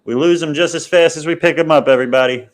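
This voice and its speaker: A man's voice: a little high, fast. A man from Pittsburgh hosting a stream, chatting in a laid-back, profane way with a caller. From Pittsburgh, USA. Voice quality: laid-back, swearing, laughs often. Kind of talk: casual profane chat.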